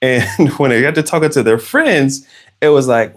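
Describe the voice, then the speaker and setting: A man's voice: medium pitch, animated, moderate pace. A man from Arkansas with a Southern American accent, casually chatting on a live stream while crafting, rambling with frequent restarts. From Arkansas, USA. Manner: rambling, conversational, with many restarts. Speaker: livestream host. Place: home, crafting.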